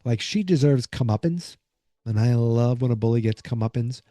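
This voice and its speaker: A drowsy man hosts a podcast, recapping an episode in a loose, rambling way full of fillers. His voice is deeply mellow and dark, recorded dry with no room sound. He keeps fighting off yawns. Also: moderate pace, no echo. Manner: rambling, lots of fillers and asides. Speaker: podcast host.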